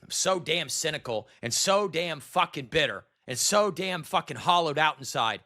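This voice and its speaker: Guy in his 30s ranting, bitter and fed up, sharp tense voice, kinda high, swears a lot and keeps repeating stuff. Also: expressive, normal speed. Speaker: vlogger. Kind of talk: ranting monologue to camera.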